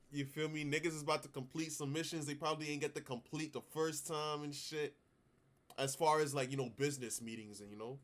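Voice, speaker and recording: A man's voice: on the high side, a bit bright. A young man with a New York accent, chatting casually with slangy asides while reacting on a live stream.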